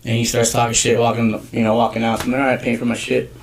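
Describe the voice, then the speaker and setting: A man telling stories as a photographer guest on a casual podcast, talking in a profane, animated way. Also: mid-range voice, fast, creaky, distant mic, slight background noise.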